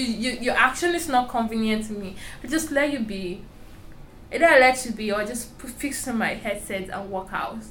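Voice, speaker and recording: Animated young woman with a strong accent. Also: fairly high pitch, slight background noise. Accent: foreign. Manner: animated, emphatic storytelling. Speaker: interviewee. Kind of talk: candid conversational interview. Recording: roomy echo with faint ambience.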